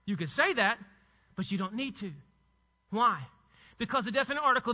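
A high, very bright male pastor preaches in a church, his voice trailing off in a long hall reverb. He teaches emphatically, leaning hard on key words and then dropping into quiet asides. The sound is dull and muffled. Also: animated, moderate pace. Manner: emphatic teaching, swinging between loud stresses and low asides. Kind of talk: sermon. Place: church sanctuary.

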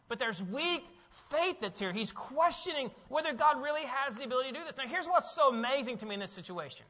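A man preaching a sermon as pastor, animated and asking his listeners questions. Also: very high voice, brisk, few pauses. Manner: animated, asks the audience questions. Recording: dull, with long hall reverb.

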